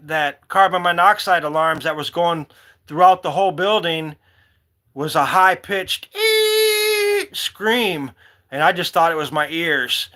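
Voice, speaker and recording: A man's voice: fairly high pitch, pushed and bright. A man hosting a casual livestream, rambling from one story to the next and talking to his viewers by name. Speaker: livestream host. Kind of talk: casual live-stream chat.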